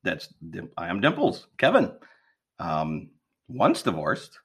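Deep gravelly grandfather. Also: wildly swooping pitch, takes it slowly, fairly bright tone. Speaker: podcast co-host. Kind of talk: casual chat.

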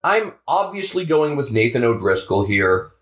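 An American man co-hosting a podcast, talking about football in a relaxed, offhand way with the odd swear. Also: mid-range voice, normal speed. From United States. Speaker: podcast co-host. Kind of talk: casual sports chat.

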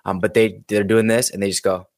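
Lively storytelling man, low voice. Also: brisk, dry recording. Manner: animated, acts out his own and others' quoted lines. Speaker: podcast guest, pilot and video creator. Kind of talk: casual storytelling.

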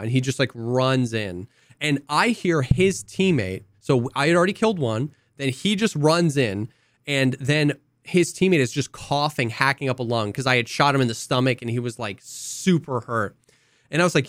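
A man's voice: medium pitch, moderate pace, no echo. A young man spins a long gaming anecdote in casual podcast chat. He slips into quoted voices and coughs now and then. The sound is dry and close, with no room around it. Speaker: podcast co-host.

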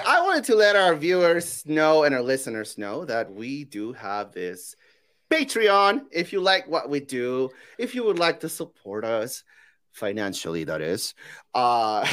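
Animated joking male podcast co-host. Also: medium pitch. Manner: joking, hesitant with filler words. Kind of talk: casual podcast banter.

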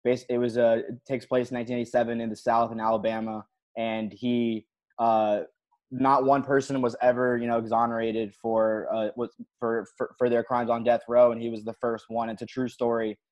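A man's voice: medium pitch, flat delivery, moderate pace, a little mellow. A man hosting a casual interview, speaking hesitantly with repeated words. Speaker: interview host.

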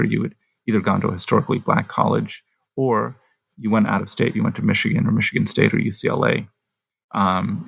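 A man, an author, answering interview questions in a thoughtful, halting way, pausing and restarting as he thinks aloud. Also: fairly low pitch, creaky, husky, no echo.

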